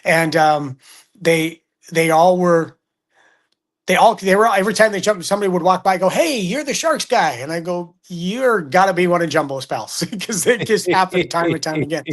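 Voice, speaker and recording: A middle-aged man talks hockey in a relaxed, chatty way. His voice sits a bit high for a man, and he slips into quoted voices as he tells his stories. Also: moderate pace. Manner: animated storyteller, acts out quotes. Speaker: hockey broadcaster guest. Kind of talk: casual sports chat.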